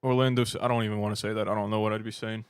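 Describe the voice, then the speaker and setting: A man's voice: on the low side, flat delivery, rapid-fire, clean tone, no room sound. A British man hosting a fan livestream, chatting casually and joking as he answers viewer comments. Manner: rambling and joking, self-deprecating, with many restarts. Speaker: fan channel livestream host.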